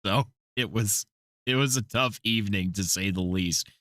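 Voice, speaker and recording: A man's voice: fairly low pitch, normal speed, fairly bright tone, no echo, clean studio sound. A man hosting a casual podcast, telling rambling stories and swearing freely. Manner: profane, rambling storyteller. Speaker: podcast host.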